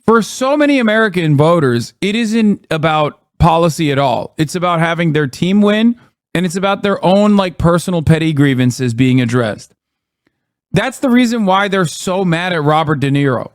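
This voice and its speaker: A man's voice: fairly high pitch, expressive, normal speed, dry recording, clean studio sound. A man live-streaming, ranting in blunt, profane casual commentary and mocking what he reacts to.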